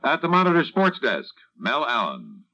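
A man announcing a radio program with a smooth, formal promo delivery. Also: mid-range voice, wildly swooping pitch, moderate pace. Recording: lo-fi vintage radio with loud music.

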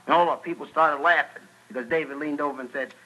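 Comedian, male, high voice, jive storytelling, noisy old radio broadcast. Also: steady tone, fast talker. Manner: jive street-talk retelling of a Bible story, shrill put-on screams. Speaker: stand-up comedian. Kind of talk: stand-up storytelling.

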